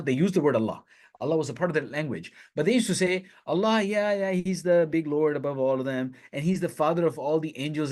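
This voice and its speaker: A man's voice: a little high, husky. A man teaching a Quran lesson to listeners, explaining the verses step by step in a conversational way and reciting them in Arabic. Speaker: Islamic teacher.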